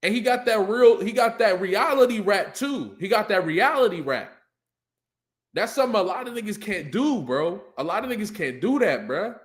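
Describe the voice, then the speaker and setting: Man, battle rapper, casual reaction commentary, high lively voice. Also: normal speed. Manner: excitable, hypes up lines, breaks into shouts and laughs. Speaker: battle rapper breaking down diss tracks.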